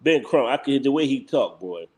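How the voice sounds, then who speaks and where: A man's voice: mid-range voice, lively intonation, moderate pace. A man with a Philadelphia accent hosts a live commentary stream. He talks in a blunt, heated way, circling back over the same points with mocking laughs.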